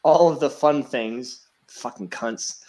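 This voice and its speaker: A man's voice: medium pitch, slow, warm tone. A young man hosting a podcast in casual, profane chat, rambling and sarcastic. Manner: rambling, sarcastic, swears a lot. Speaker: podcast host.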